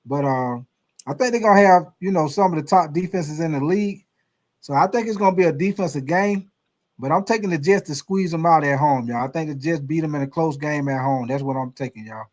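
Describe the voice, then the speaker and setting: A man's voice: a little high, brisk. A man hosting a casual sports live stream, reading viewer comments in a laid-back drawl and calling them y'all. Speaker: sports livestream host.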